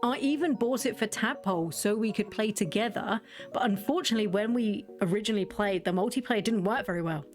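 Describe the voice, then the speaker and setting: A woman giving casual, rambling commentary while playing a video game, chatty and quick to laugh. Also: medium pitch, soft background music. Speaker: game streamer.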